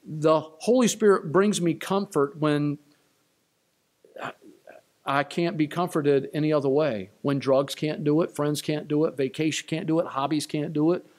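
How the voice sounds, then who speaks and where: A man's voice: fairly high pitch, fairly even intonation, moderate pace, darkish tone. A man preaching a sermon as pastor of his church, emphatic and repeating key lines. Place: church sanctuary.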